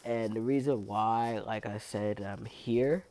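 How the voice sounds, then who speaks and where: A man's voice: fairly low pitch, fairly even intonation, takes it slowly, mellow. Rambling young man, talking sick. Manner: loose and rambling, heavy use of "like". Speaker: vlogger. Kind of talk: casual storytelling.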